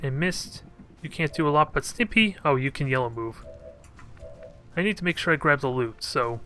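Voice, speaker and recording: A man with a bright, forceful voice that sits a little high. He talks through his own strategy game in a casual let's-play commentary, thinking aloud as he plays and throwing joking remarks at his troops. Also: animated, normal speed, faint music behind. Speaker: gameplay commentator.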